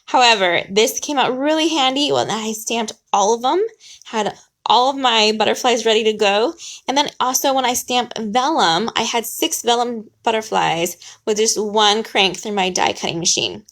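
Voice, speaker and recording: A woman's voice: a little high, normal speed, fairly bright tone. A woman hosting a casual card-stamping tutorial, chatty and upbeat, often apologizing and laughing as she sets things up. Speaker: host of a stamping craft class. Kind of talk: casual live craft tutorial.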